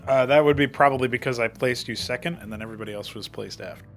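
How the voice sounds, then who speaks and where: A man's voice: mid-range voice, fast talker. Man, game master, laid-back, jokey, faint music behind. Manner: laid-back, joking, laughs often. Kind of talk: casual tabletop game chat.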